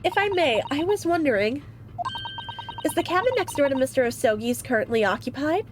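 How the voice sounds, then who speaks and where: A woman's voice: high voice, animated, brisk, noisy background. A woman voicing a nervous, overly polite young male lawyer in a game.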